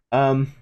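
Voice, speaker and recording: A man's voice: medium pitch, darkish tone, slightly rough. A man narrating as game master of a tabletop role-playing game, hesitant with fillers.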